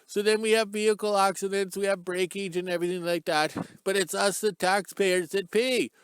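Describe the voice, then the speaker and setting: The middle-aged Canadian host speaks fairly quickly in a high, clean voice with fairly even intonation and no room sound. He's outdoors in cold sun, holding a camera on a stick for a joking, chatty vlog intro that wanders off topic as he rambles off the cuff.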